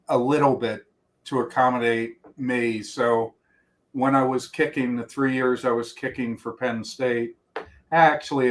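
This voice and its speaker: Rambling middle-aged man telling stories. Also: mid-range voice. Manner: rambling storyteller with many restarts and quoted voices. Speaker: guest. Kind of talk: reminiscing interview talk.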